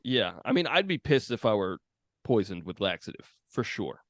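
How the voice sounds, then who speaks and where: A man's voice: lowish voice, sing-song, moderate pace, dry recording, clean studio sound. A man hosting a podcast, chatting casually and retelling film scenes with lots of fillers. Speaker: podcast host.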